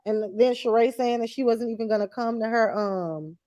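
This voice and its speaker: A woman's voice: a little high, moderate pace, dark tone. A woman co-hosting a casual reality-TV recap chat, blunt and slangy, laughing often. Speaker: podcast co-host.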